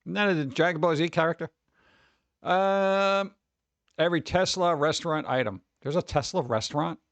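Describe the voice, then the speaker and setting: A man giving casual live-stream commentary with a slightly high voice. He rambles, trips over words and sounds exasperated and sarcastic. The recording is dry and close. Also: normal speed, fairly bright tone, dry recording. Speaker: streamer reacting to food videos.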